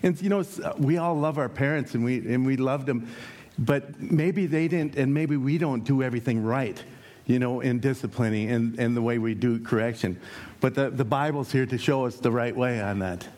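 A man co-leading a family ministry talk, speaking earnestly and a little haltingly. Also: mid-range voice, darkish tone.

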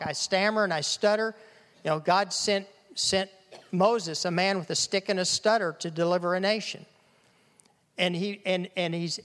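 A man's voice: high voice, fairly bright tone. A man preaching a sermon as a pastor, acting out quoted voices and repeating phrases for emphasis. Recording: long hall reverb.

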